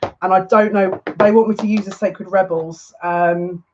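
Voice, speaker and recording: A woman doing a chatty live tarot reading who is excitable and gushing and often restarts her sentences. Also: medium pitch, measured pace, muffled recording, slight background noise. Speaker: psychic tarot reader.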